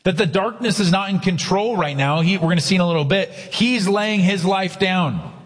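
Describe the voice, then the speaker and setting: A man preaching a sermon, earnest, slowing down hard to stress key lines. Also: high-pitched, in a large hall. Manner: earnest preaching with slow emphatic quotes. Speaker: pastor.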